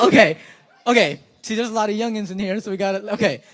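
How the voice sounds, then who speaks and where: A man's voice: high voice, fast talker, fairly bright tone. A young man from South Florida, a spoken word poet talking animatedly to a live crowd with lots of "like" fillers, then performing a poem.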